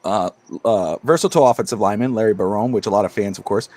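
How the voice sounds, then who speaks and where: A man co-hosting a casual sports podcast who tells stories in a quick, animated, rambling way. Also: fairly low pitch, no room sound. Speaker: podcast co-host.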